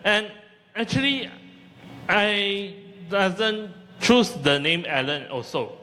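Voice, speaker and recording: A young man from Malaysia in his twenties performing a halting stand-up comedy set, with many fillers and restarts. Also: high-pitched, animated, sharp tone. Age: 20s. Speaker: amateur stand-up comic. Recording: hall with faint ambient noise.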